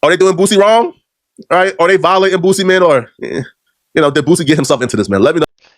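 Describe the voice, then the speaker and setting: A man hosting a commentary video, talking in animated, mocking slang on a close, dry mic. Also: fairly high pitch, quick pace, no echo.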